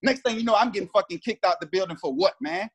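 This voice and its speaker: A man's voice: sits high, animated, fast, creaky, a bit bright, slightly rough. A man in his thirties, a former pro football player, telling a heated story in slangy, emphatic casual talk and acting out what others said. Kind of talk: animated storytelling chat.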